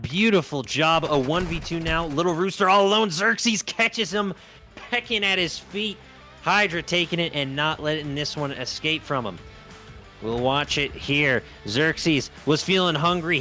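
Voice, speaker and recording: A man's voice: on the high side, lively intonation, a little slow, bright, forceful tone, soft background music. A man doing play-by-play commentary on an esports match, jokey and punning, laughing often. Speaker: esports caster.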